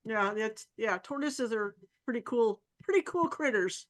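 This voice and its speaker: A woman's voice: on the high side, expressive, unhurried. Chatty woman announcing photo entries. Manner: chatty, laughs easily. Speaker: meeting presenter.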